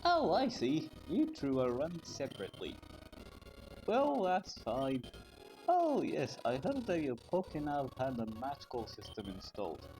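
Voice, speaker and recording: A man voicing a cheery, excitable male professor from a video game, using a high, sing-song put-on accent. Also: a little slow, full character voice, poor audio. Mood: cheerful. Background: game music.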